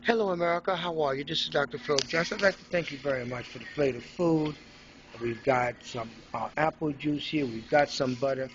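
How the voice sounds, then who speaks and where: A man's voice: a little high, fairly quick. A man from Haiti delivering an angry, rambling, profane monologue as a personal video log from a hospital room. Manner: ranting, profane, mocking. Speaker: vlogger recording a personal log. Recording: dull lo-fi with faint noise.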